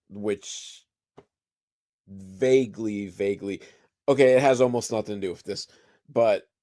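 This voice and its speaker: A man's voice: medium pitch, warm tone. A man giving a rambling, profane and sarcastic comedic recap of a film, wandering off into side stories.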